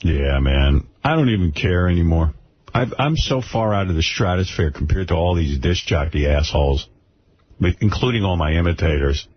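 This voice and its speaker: A man's voice: low voice, lively intonation, moderate pace, no room sound. A man hosting a radio show, talking in casual banter and ranting in a brash, boastful way. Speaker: radio host. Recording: dull lo-fi radio recording.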